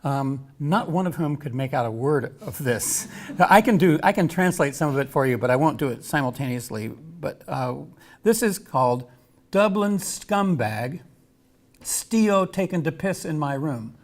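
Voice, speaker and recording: Guy lecturing off slides, kinda high voice, rambles and restarts a lot. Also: expressive, a little slow. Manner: chatty, with many restarts and asides. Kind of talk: academic talk with slides.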